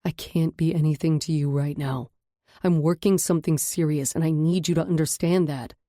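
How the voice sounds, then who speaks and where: A woman's voice: deep voice, steady tone, moderate pace, dark tone, no room sound, studio quality, close to an everyday voice. A woman narrator voicing a guarded, protective man who speaks in clipped, firm words in an audiobook. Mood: stern. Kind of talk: audiobook character voice.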